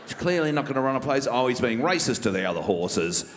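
A man's voice: mid-range voice, very animated, fast, voice pushed down, natural voice. A man with an Australian accent putting on a male horse-race caller giving running commentary, recorded live in a reverberant theater. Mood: race calling.

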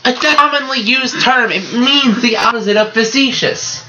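A young woman presenting a playful comedy sketch in an animated, jokey way. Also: a little high, normal speed, muffled recording, crowd noise.

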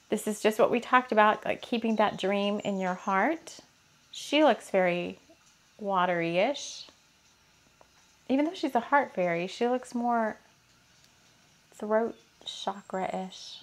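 A woman giving a rambling, casual spiritual card reading, her throat a bit hoarse and scratchy, laughing often. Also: medium pitch, unhurried. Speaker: tarot card reader.

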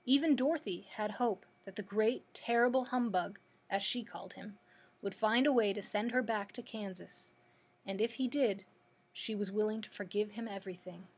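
A woman librarian reading a children's classic aloud in a calm, measured way. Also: mid-range voice, breathy edge. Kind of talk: read-aloud narration.

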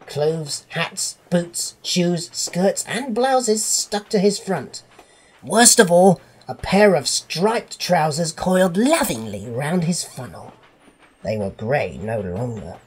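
Male storyteller reading a children's tale, slow and lively in pitch, deep for his voice. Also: slightly rough. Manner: expressive, unhurried.

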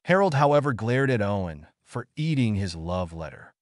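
A man narrating fan fiction in an even storybook reading. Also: on the low side, normal speed, dry recording, studio quality.

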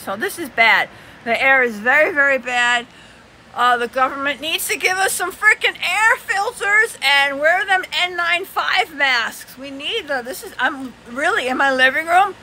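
A woman's voice: high-pitched, lively intonation, normal speed, sharp tone, low-quality recording. A woman vlogging casually from a small apartment bedroom, breathless and exasperated, with a New York accent. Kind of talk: casual selfie vlog to camera. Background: air conditioner hum.

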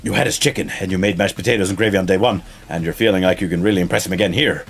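A man streaming a game, reading the story aloud in an animated, playful way. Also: low voice, rapid-fire, creaky, soft background music.

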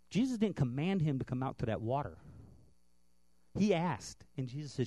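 A man's voice: mid-range voice, expressive, normal speed, no echo. Earnest preacher man, dry close sound. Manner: swings from loud earnest preaching to quiet tender tones. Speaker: guest pastor. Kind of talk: sermon and prayer. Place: church building.

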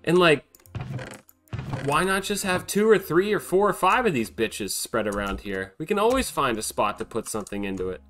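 Bright, higher-voiced young male streamer. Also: normal speed, soft background music. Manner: animated, profane banter. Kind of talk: casual gaming chat.

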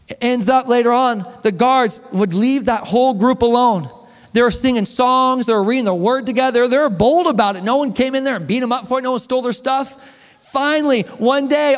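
A man with a very high voice preaches to his congregation, telling a story and tossing questions to the crowd with a joke now and then. The sound rings out with a long echo through a church hall. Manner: storytelling, asks the congregation questions, jokes and laughs. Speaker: pastor. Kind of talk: sermon.

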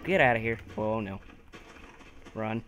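A young man giving excited, taunting commentary over his own gameplay, talking to himself as he plays. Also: lowish voice, unhurried. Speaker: gaming video host.

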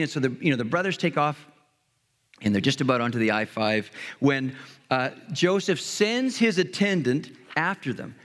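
A pastor preaching a sermon in a conversational way, retelling a story and briefly acting out its characters. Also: male voice, on the high side, animated, moderate pace, a bit bright. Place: church hall. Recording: long hall reverb.

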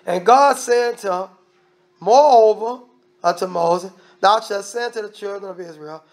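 A man's voice: high voice, normal speed, vocal fry. A man preaching a sermon as minister, emphatic and conversational, often restarting his sentences. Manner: preaching with emphatic, shifting loudness.

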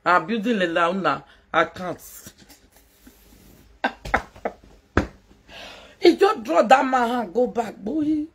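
A woman's voice: on the high side, sing-song, slow pace, vocal fry, pauses often, slight background noise. A Nigerian woman doing a casual live-stream gossip rant as a social media commentator, mocking, laughing and scolding.

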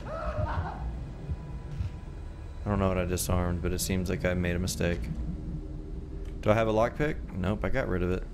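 A man commentating a horror game, jumpy and excitable, swearing and yelping when scared. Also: sits low, fairly quick, over music. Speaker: gaming channel host.

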